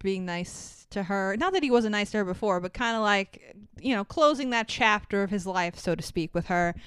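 Smooth-voiced sarcastic woman podcaster. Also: medium pitch, lively intonation, normal speed, a bit bright, dry recording. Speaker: podcast co-host. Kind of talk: casual movie recap chat.

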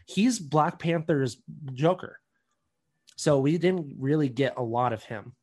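A man's voice: fairly high pitch, lively intonation, takes it slowly, a little mellow. A young man co-hosting a podcast, reading through entertainment news in casual chat, joking and swearing often. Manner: swears a lot, jokey. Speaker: podcast co-host.

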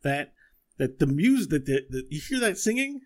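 A man voicing a fussy, excitable little male clockwork scholar who talks in a flustered, apologetic way. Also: a little high, normal speed, pitched above the performer's own voice. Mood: eager.

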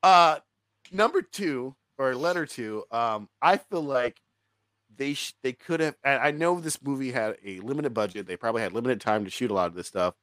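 A man's voice: mid-range voice, animated, moderate pace, a bit bright, no echo. A man co-hosting a movie review podcast in casual chat, emphatic, swearing freely and laughing often.

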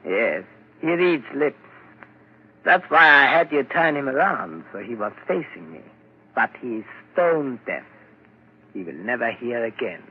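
A man playing a composed doctor at a mental ward, measured and explanatory, in 1940s radio acting. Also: medium pitch, sing-song, slightly rough. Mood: explaining. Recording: dull old radio recording, faint hiss.

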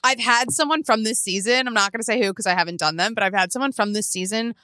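A woman co-hosting a podcast in the studio, telling stories in a casual, animated way and acting out quotes, with casual swearing. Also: a little high, fast talker, dry recording. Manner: animated storytelling, acts out quotes, swears freely. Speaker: podcast co-host. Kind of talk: casual chat.

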